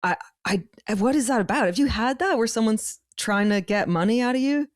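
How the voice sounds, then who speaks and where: A woman co-hosting a podcast in casual chat, reacting quickly and restarting her sentences as she asks questions. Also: fairly high pitch, lively intonation, dry recording, clean studio sound. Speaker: podcast co-host.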